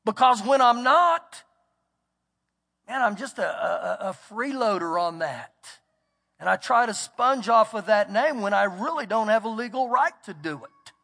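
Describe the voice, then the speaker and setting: The man's voice is high-pitched, animated, creaky and sharp, moving at a measured pace. As a pastor giving a forceful sermon, he narrates a story, dramatizes quotes and repeats words to stress them, recorded amid a church hall's long reverb.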